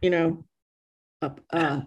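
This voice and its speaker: An older woman with a Southern American accent, speaking slowly and thoughtfully as an interview guest. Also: low voice, steady tone, slightly rough, muffled recording. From United States. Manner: measured, slow, thoughtful delivery. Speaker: yoga teacher, interview guest. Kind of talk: reflective conversational interview.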